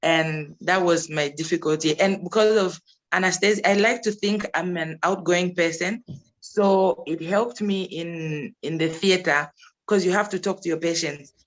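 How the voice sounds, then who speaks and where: A woman's voice: fairly low pitch, normal speed. A young woman, a native English speaker and recent graduate, answering questions in a casual chat, telling her story with frequent laughs. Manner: chatty, storytelling, laughs often. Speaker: graduate guest.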